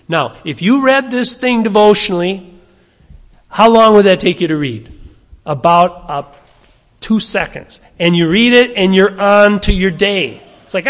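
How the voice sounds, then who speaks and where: A man preaching a sermon, emphatic, shifting between strong stresses and quiet asides. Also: high voice, lively intonation, moderate pace, long reverb tail. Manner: emphatic, varies loudness, drops to quiet asides. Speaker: pastor.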